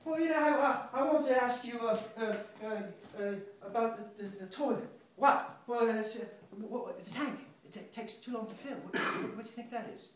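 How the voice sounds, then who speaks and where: A man putting on a nervous, stammering man who keeps halting over his words. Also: extremely high pitch, a little hiss or hum, voice pushed up. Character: nervous stammering man asking about a toilet. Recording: echoey room, far from mic.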